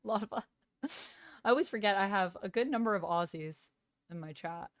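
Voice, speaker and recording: A woman's voice: medium pitch, a little fast, no room sound, studio quality. A young Canadian woman streaming live, chatting playfully and reading viewer comments aloud. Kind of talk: casual live-stream chat.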